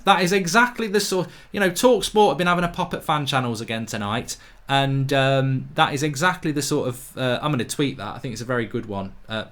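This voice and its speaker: A man's voice: medium pitch, fairly bright tone. A man hosting a live football watchalong stream, talking in a chatty, jokey, rambling way with lots of fillers. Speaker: football channel host. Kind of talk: live match watchalong chat. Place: home studio, with a guitar.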